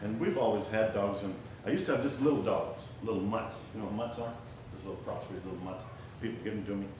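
A man's voice: on the low side, fast talker. A man, a preacher, praying and then telling a folksy, rambling story to a church gathering, often asking his listeners simple questions. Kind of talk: prayer and folksy sermon storytelling. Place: church gathering, roomy hall. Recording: echoey room, far from the mic, ambient noise.

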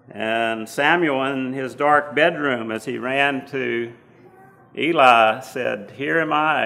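Slow, gravelly-voiced man preaching. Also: mid-range voice, pushed and bright. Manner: slow, halting Bible teaching with fillers and restarts. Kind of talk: sermon.

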